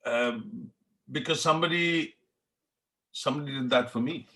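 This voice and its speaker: A man's voice: medium pitch, normal speed, sharp tone. A middle-aged man from India with an Indian accent, telling his story as a guest in an interview, earnest and passionate. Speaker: chef, podcast guest. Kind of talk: reflective interview talk.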